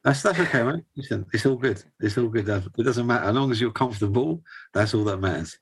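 A young man and father of two, a guest on a casual video-call interview, relaxed and rambling with many fillers. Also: mid-range voice, fast talker, slightly rough.

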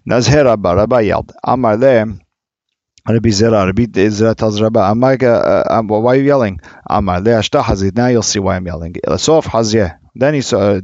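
A man teaching a casual Gemara class, reading passages aloud and explaining them in a halting way with many fillers and restarts. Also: fairly low pitch, creaky, darkish tone, dry recording. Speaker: Talmud teacher. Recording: dull lo-fi dry recording.

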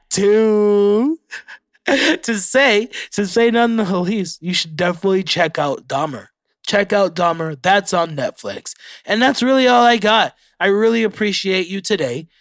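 A young man hosts a casual solo podcast, reading facts out and reacting to them with frequent profanity. His voice sits a little high for a man. The sound is dry and close, with no room around it. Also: measured pace, fairly bright tone, no room sound. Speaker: podcast host.

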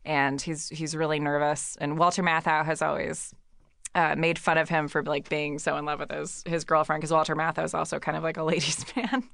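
A woman's voice: low-pitched, little pitch movement, brisk, vocal fry, fairly bright tone, no echo, studio quality. A woman co-hosting a casual chat, retelling a movie plot in a rambling, giggly way, full of fillers and restarts. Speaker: podcast co-host.

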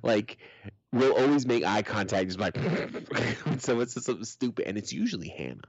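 A middle-aged podcast co-host swaps family stories in casual chat, swearing often and laughing along the way. His fairly low voice is very animated with a breathy edge, at normal speed, and the recording is dry and muffled.

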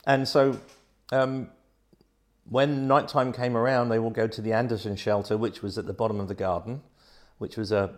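A man, a guest telling lively anecdotes and acting out the voices in them. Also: fairly low pitch, normal speed. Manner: animated, acts out voices in his stories. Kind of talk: anecdotal storytelling.

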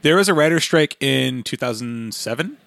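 A man co-hosting a podcast in casual chat, rambling and excitable, with sarcastic asides. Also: mid-range voice, normal speed, gravelly, no echo, studio quality. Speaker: podcast co-host.

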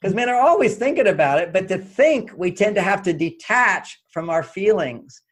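An older man, an author guest on an interview, telling stories in an animated way and acting out quoted dialogue. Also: high-pitched, moderate pace, husky. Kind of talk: conversational storytelling interview.

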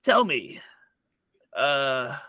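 A man voicing a swashbuckling, rowdy, flirtatious male gnome pirate in a tabletop game, talking loud and boisterous. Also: medium pitch, big pitch swings, drawn-out words, no room sound, pitched below the performer's own voice, full character voice. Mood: swaggering.

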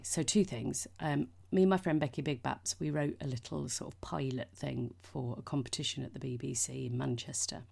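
Low, gravelly woman. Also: warm tone. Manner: rambling anecdotes with swearing and asides. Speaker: podcast host. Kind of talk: casual chat.

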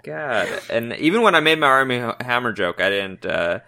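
A man co-hosting a casual podcast, cracking jokes and throwing in quick quips. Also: mid-range voice, expressive, vocal fry, bright, forceful tone. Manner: jokey, interrupts with quips and laughs. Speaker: podcast co-host.

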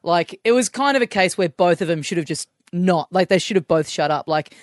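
A co-host joins the chat with quick, slightly nervous talk and frequent "like"s. The voice sits at an ordinary pitch. The sound is close and dry, with no room echo. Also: animated. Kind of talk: casual podcast chat.

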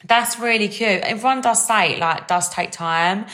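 Young woman, bubbly podcast host, chatty and a little low-voiced. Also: normal speed, pushed and bright. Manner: chatty and bubbly, lots of fillers. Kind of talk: casual solo podcast chat.

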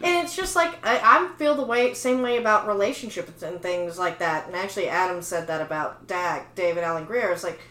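A woman's voice: on the low side, a bit bright. Woman, podcast host and comic, chatty, roomy echo. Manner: chatty, lots of agreeing and quick apologies. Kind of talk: casual podcast chat.

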